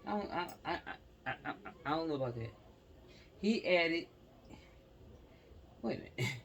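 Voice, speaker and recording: A man from Newark, reading a news story aloud, tripping over words and breaking off into loud exclamations. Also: on the high side, animated, moderate pace, a little hiss or hum, low-quality recording. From Newark, New Jersey. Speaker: YouTuber reacting to news.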